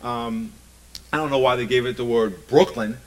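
A man's voice: medium pitch, moderate pace, low-quality recording. A man preaching a sermon emphatically, often asking the congregation rhetorical questions.

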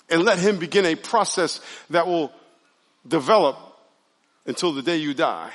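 A man preaching to his congregation in a loose, conversational way, often asking them to respond. His voice sits a little high for a man. It rings with the long echo of a large hall. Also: moderate pace. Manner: conversational, animated preaching with audience call-and-response. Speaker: pastor. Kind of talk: sermon. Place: church sanctuary.

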